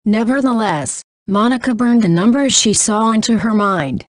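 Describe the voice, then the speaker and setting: A woman narrating a novel in a flat reading that says punctuation aloud. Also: fairly high pitch, normal speed, no echo.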